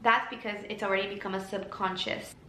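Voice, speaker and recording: A woman speaking as a self-help podcaster in a gentle, encouraging monologue, slowing down to stretch key words. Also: medium pitch, steady tone. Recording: roomy with faint background noise.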